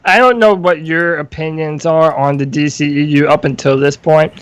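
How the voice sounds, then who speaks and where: A man hosting a podcast in a measured, thoughtful chat, laying out his view and asking the others for theirs. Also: on the high side, fairly even intonation. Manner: measured, thoughtful, poses questions. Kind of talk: casual chat.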